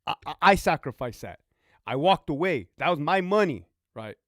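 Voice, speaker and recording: Male streamer, high lively voice, dry close sound, animated and profane. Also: normal speed, no echo. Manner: animated, profane, reads out viewer comments. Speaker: livestream host, former prison officer. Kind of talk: casual livestream chat.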